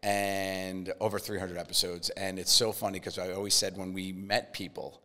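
A man guesting on a podcast, telling stories in casual chat with lively, acted-out quotes. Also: low voice, long reverb tail. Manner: fast, animated storytelling with acted quotes.

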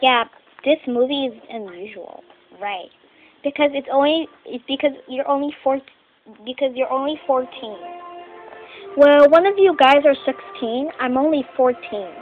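A woman voicing teenage doll characters in a homemade skit, talking in a halting, rambling way and often clearing her throat. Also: sits high, phone-quality sound, faint music behind.

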